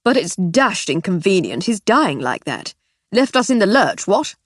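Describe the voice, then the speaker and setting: A woman voicing a slightly drunk, blustering red-faced gentleman in an audiobook. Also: medium pitch, sing-song, normal speed, no room sound, studio quality.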